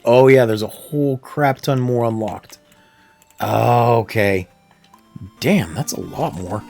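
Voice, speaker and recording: A man talking casually on a livestream while he plays a game. His voice sits at an average pitch, and he rambles in a chatty, easygoing way with a laugh now and then. He is close on a desk mic at home, with faint game music underneath. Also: a little mellow. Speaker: streamer. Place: home room near plumbing. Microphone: desk microphone.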